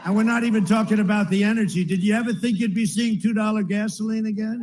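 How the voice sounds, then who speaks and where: Male politician at a rally, higher voice than most men, talks in loose repetitive riffs and turns to the crowd often. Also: steady tone, fast, few pauses, a little mellow, a little hiss or hum, low-quality recording. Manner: rambling, repetitive, with asides to the crowd. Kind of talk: campaign rally speech. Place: large rally venue.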